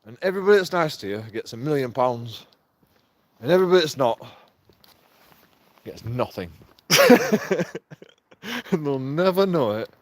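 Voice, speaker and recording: A man's voice: medium pitch, expressive, moderate pace, long pauses, dry recording. A man, rambling and swearing in a casual vlog monologue with frequent chuckles. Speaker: vlogger.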